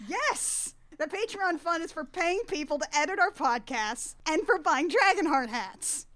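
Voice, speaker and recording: Bright-voiced playful woman podcast host. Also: sits high, normal speed. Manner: animated, laughs often, playful. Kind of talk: casual chat.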